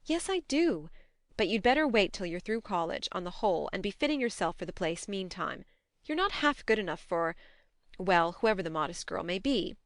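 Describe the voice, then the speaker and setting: Brief: spirited, impulsive young woman read by a woman, smooth and close, audiobook. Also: medium pitch, dry recording. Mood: brisk teasing. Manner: brisk, lively, impulsive. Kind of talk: audiobook narration.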